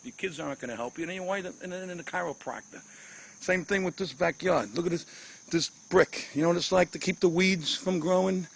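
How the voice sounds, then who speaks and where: Griping, gravelly New man. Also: on the high side, a little hiss or hum. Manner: exasperated griping, stammering restarts, grows louder. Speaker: comedian. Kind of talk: comedic rant while touring his home. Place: his own house and yard.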